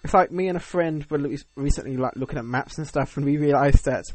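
A man's voice: fairly high pitch, fast, darkish tone, dry recording. A young man with an English accent chatting casually, joking and rambling with lots of fillers and restarts. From England. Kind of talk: casual chat.

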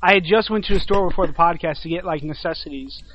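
High-voiced young man, dull lo-fi mic. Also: quick pace, a little hiss or hum. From United States. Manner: laid-back, joking, laughs often. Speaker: podcast co-host. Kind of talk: casual chat.

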